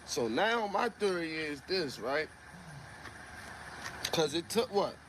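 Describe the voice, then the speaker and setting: A man's voice: fairly high pitch, very animated, slow. A man speaking earnestly in a casual clip, repeating his points over and over. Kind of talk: casual talk to a streamer. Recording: noisy clip with car sounds.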